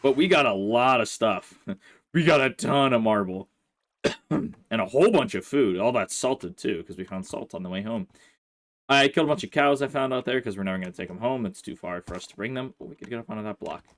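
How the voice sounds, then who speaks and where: A man's voice: medium pitch, expressive, brisk. A man hosting a casual let's play, commenting on his gameplay and grumbling in exasperation at his in-game horse.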